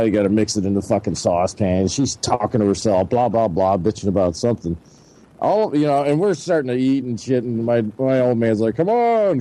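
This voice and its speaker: A man's voice: fairly low pitch, warm tone. Laid-back profane man telling a story. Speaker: radio show co-host. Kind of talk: casual storytelling chat.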